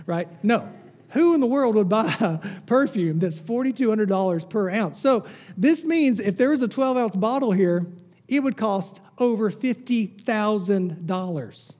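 A man preaching a sermon, full of rhetorical questions, swinging from emphatic peaks down to low, quiet lines. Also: lively intonation, unhurried. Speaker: pastor.

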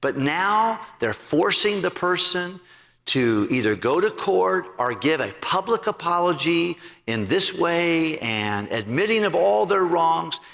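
A male pastor preaching a sermon in an animated, emphatic way. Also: takes it slowly, gravelly. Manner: animated, emphatic, swooping pitch. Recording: long hall reverb.

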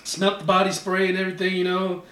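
A man with a high voice co-hosts a podcast in loose, casual chat. He tells a profane story with animated energy and keeps circling back to his punchline. His voice rings out in a roomy, echoey space. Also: fast talker. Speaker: podcast co-host.

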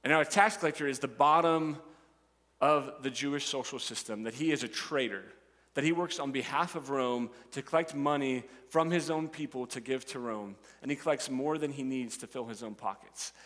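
A man preaching a sermon, animated and acting out the voices of the characters and the crowd. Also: mid-range voice, normal speed, in a large hall. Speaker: pastor.

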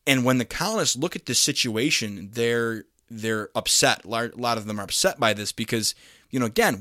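Guy lecturing on history, loose and chatty, lots of ums, mid pitch, dry close mic. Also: normal speed, dry recording. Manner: conversational, many fillers and restarts, lively emphasis. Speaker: history teacher. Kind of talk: casual lecture.

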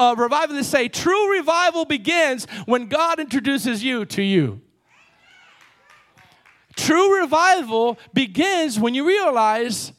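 A middle-aged man, a pastor, preaching a sermon in an animated way, swinging from loud peaks to low asides. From Cuban background.

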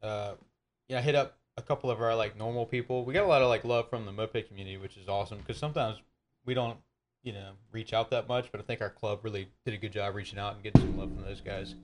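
A quick-talking man co-hosting a casual chat, rattling off wisecracks and teasing jokes. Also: on the low side, steady tone, noisy background. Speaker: co-host.

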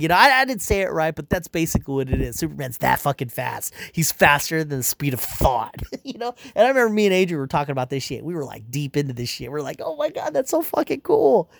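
A man's voice: fairly high pitch, creaky, no echo. Profane, rambling man, dry sound. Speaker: comic fan reviewing a movie. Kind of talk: casual rant.

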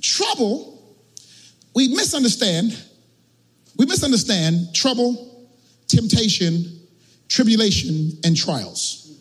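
High, husky preacher in sung cadence. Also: male voice, very animated, slow pace, long pauses, in a large hall. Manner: preaching with sung, chanted cadence and shouted peaks. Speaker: pastor. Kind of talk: sermon.

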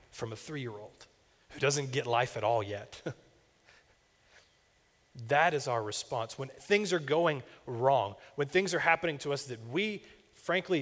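Young man, sermon, conversational storytelling, mid-pitched voice, church hall reverb. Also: fairly bright tone. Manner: conversational, personal storytelling with asides. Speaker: campus minister preaching.

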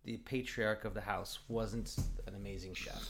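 Gravelly low-voiced man telling stories. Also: fairly even intonation, normal speed, noisy background. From Oregon, USA. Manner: rambling storyteller, many fillers and restarts. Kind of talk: casual chat.

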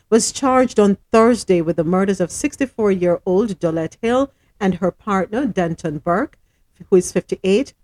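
A woman's voice: mid-range voice, a little mellow. A woman hosting a live radio show, chatting with laughter and reading news items aloud.

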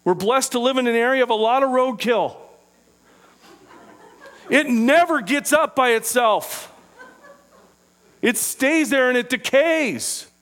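A man preaching a sermon as pastor, acting out small scenes and dropping low and quiet for scripture readings. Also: takes it slowly, pauses often. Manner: animated preaching with acted-out impressions.

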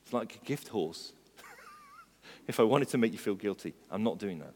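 Fervent preacher in an echoing hall. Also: male voice, fairly low pitch, huge pitch swings, normal speed, slightly rough. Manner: builds from quiet reflection to fervent exhortation. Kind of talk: sermon. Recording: long hall reverb.

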